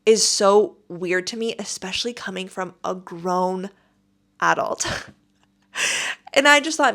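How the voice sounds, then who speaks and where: A woman's voice: medium pitch, moderate pace. A woman hosting her podcast at home, telling a story in a casual, emphatic, exasperated way. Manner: animated, emphatic, exasperated retelling. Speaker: podcast host.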